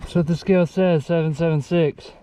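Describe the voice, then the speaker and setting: Shaking with excitement, a Texan fishing vlogger at a lake dam exclaims breathlessly over a big bass and talks to the fish at normal speed. His excited outdoor commentary comes through dull lo-fi audio with faint noise.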